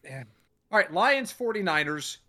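A man hosting a casual sports podcast, talking in an animated way, swearing and acting out what other people said. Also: sits high, moderate pace, slight background noise. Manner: animated, swears, acts out quoted voices. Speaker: podcast host.

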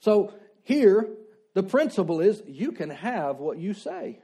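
Mellow-voiced male pastor preaching conversationally. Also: sits high, sing-song, slow pace, slightly rough. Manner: conversational preaching with rhetorical questions and repeated declarations. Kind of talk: sermon.

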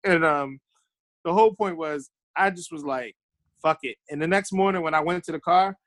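On a dry recording, a man from Baltimore speaks at normal speed in a slightly bright voice on the high side. As a podcast guest he tells loose stories casually, acting out the quotes of the people involved.

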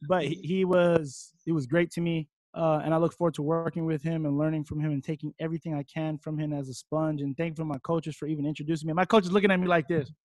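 A young man from Hawaii telling his story as a fighter in a casual interview, rambling and excitable, now and then bursting into loud shouts. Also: fairly high pitch, fast, few pauses, dry recording.

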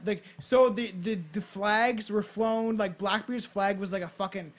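A man's voice: high voice, fairly even intonation, measured pace, hardly any pauses. A man hosting a casual podcast from his home basement, reading history notes aloud and adding offhand, swearing asides. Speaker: podcast host.

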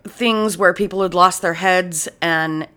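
A woman's voice: lowish voice, fairly even intonation, measured pace, pushed and bright, clear, resonant tone. A woman from Utah co-hosting a podcast in casual chat, blunt and profane, acting out her own reactions. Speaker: podcast co-host.

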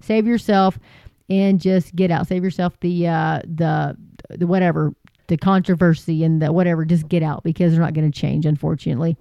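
A woman's voice: low-pitched, steady tone, moderate pace, vocal fry, warm tone, no echo. A woman hosting a Christian commentary show, reading news aloud and breaking off with indignant asides. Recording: dull lo-fi sound.

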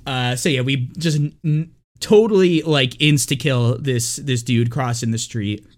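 A man's voice: medium pitch, a little slow. A man co-hosting a podcast, recapping a film in a rambling, casual way, full of likes and uhs. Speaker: podcast co-host.

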